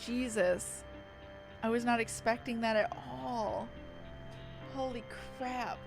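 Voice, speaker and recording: With background music playing, a young adult woman streams, reading aloud dramatically to chat and then chatting casually, gushing and cursing freely. Her voice sits on the high side, creaky and slow with a steady tone, in a low-quality recording.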